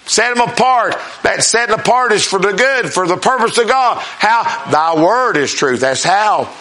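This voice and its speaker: A male preacher with a high, bright, forceful voice delivers a sermon. He talks in a folksy, down-home way and keeps checking in with his listeners. He slows right down to read scripture with weight. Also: animated. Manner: folksy, questioning the congregation often; reads scripture slowly and emphatically.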